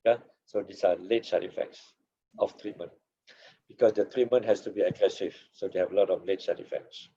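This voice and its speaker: Hoarse low-voiced lecturer, muffled. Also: male voice, fairly quick, warm tone. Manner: accented English, drops "okay" and "yeah" tags. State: losing his voice. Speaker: paediatrics lecturer. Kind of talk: teaching a seminar.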